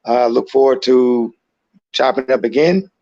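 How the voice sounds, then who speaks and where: A man joining a casual live chat as a guest, relaxed and bantering. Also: medium pitch, moderate pace, no room sound, lo-fi sound. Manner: relaxed, laid-back banter.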